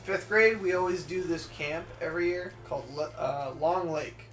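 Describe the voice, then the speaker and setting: Young male gaming co-host, playful teasing tone, a bit high, roomy echo. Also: moderate pace, a bit bright. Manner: teasing, joking banter. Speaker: let's play co-host. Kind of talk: casual gaming chat. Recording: roomy echo with faint game music.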